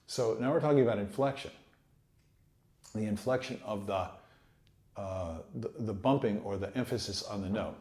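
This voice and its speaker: A man teaching trumpet in a relaxed, encouraging way, sometimes singing rhythms aloud. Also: lowish voice, moderate pace, long pauses. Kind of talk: relaxed instructional talk. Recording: echoey room.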